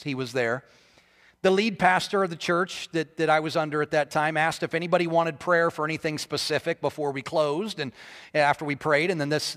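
Male pastor, slightly higher voice, storytelling sermon that rises to forceful preaching, long hall reverb. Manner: storytelling, building to emphatic preaching.

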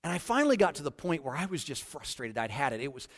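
A middle-aged male pastor preaching in a fairly high voice, telling a personal story that swings from loud pleading to hushed confession. His words ring out with a long reverb, as in a large hall. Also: very animated, fast talker. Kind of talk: sermon.

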